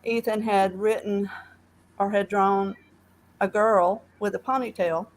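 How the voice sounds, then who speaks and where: A woman's voice: mid-range voice, steady tone, poor audio. A woman with a Southern accent calling in to a live stream, talking earnestly with lots of fillers and restarts. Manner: earnest, halting with many fillers. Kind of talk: casual call-in chat.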